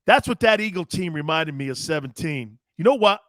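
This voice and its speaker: A man's voice: a little high, animated, fairly quick, dry recording, clean studio sound. A middle-aged man hosting a sports talk show, hollering his opinions, swearing freely and hammering the same catchphrases. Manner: loud, hollering and profane; emphatic, repeats catchphrases.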